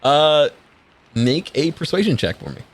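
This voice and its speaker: A man's voice: fairly high pitch, very animated, a little slow. A man narrating as game master in a casual, swearing way with lots of "uh" fillers.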